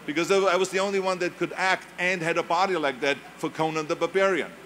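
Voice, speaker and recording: A man's voice: high voice, fairly even intonation, quick pace, pushed and bright, a little hiss or hum. An older man with a German accent, whose first language is German, giving an emphatic motivational speech full of storytelling. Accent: Austrian German. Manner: emphatic storytelling, mimics others' voices. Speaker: speaker giving a talk.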